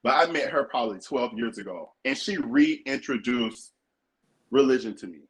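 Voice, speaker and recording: A man's voice: medium pitch, lively intonation, moderate pace. A man co-hosting a podcast, talking earnestly and emphatically in casual chat. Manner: earnest, emphatic, acts out quoted voices. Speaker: podcast co-host.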